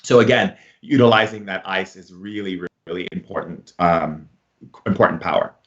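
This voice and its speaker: A man's voice: deep voice, moderate pace, fairly bright tone. A man giving a casual spiritual lesson, rambling and full of filler words, recorded slightly muffled. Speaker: spiritual teacher.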